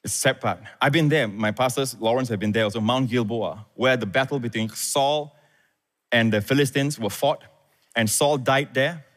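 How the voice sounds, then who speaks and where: A male pastor preaching a sermon, telling a scripture story and leaping up in pitch and volume when he quotes the characters. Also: normal speed. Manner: animated, rises high and loud when quoting scripture. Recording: echoey hall with long reverb.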